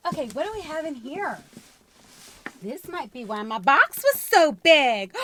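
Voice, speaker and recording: A woman hosting a crafting unboxing vlog, gushing, gasping and squealing with excitement over each item. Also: sits high, measured pace, soft background music. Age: adult with a young son. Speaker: crafting channel host.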